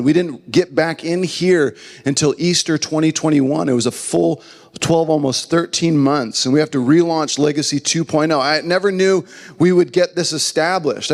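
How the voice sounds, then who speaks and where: A man's voice: fairly high pitch, big-room sound. A man preaching a sermon as the pastor of his church, earnest and conversational, telling a joke along the way. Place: church building.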